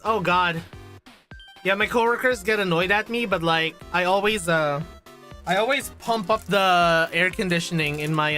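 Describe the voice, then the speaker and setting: A woman streaming a video game, chatting casually and reading the game text aloud in an animated, gushing way, swearing now and then. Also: on the low side.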